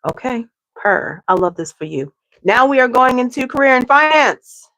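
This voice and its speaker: A woman with a bright, fairly high voice and lively intonation gives her viewers a casual tarot reading at a normal pace. As the tarot reader chats, she repeats herself and often tags her lines with "okay?"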